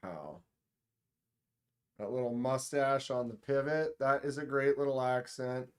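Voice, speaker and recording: A man hosting a casual live stream, joking around and talking straight to his chat with quick exclamations. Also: mid-range voice, a little hiss or hum. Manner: playful, joking, talks to chat directly; exclaims short interjections. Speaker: livestream host.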